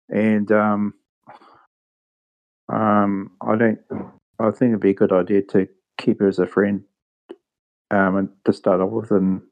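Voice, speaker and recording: Hesitant low-voiced man, British-like accent. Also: highs cut off. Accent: sounds a bit British. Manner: hesitant, many ums and restarts. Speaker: podcast guest. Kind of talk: casual podcast chat.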